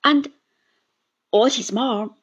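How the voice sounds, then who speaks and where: A woman reading a brisk, fond old aunt. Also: high-pitched, breathy edge, heavily acted. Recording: dull lo-fi recording.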